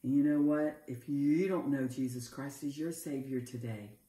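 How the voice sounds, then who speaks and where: A woman's voice: rumbling low, moderate pace, warm tone. A woman teaching children a Bible story, telling it emphatically and repeating the key phrases. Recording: roomy echo, mic far off.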